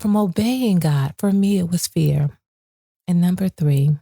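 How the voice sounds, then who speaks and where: A woman's voice: low voice, gravelly, warm tone, dry recording. A woman hosting a devotional podcast, speaking earnestly and repeating phrases for emphasis. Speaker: podcast host.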